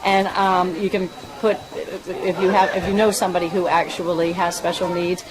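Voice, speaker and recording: A woman's voice: fairly low pitch, little pitch movement, normal speed, poor audio. A woman giving a heartfelt, rambling speech at a ceremony as a volunteer fundraiser, often restarting her sentences. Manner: earnest, rambling, with many restarts. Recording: crowd noise behind the speaker.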